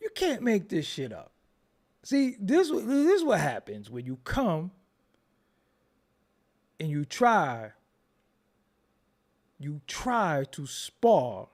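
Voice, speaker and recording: A male show host roasting people on a livestream, swinging between hushed mutters and mock-outraged outbursts. His pitch leaps all over the place while his delivery stays slow and drawn out. The tone is teasing and theatrical throughout.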